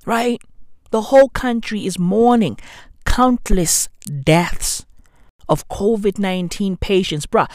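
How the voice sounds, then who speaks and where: Slow, dry-voiced woman ranting. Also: on the low side, dry recording. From South Africa. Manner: slangy, sarcastic, heavy swearing, dramatic swings between loud and hushed. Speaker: vlogger. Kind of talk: profane self-mocking vlog rant.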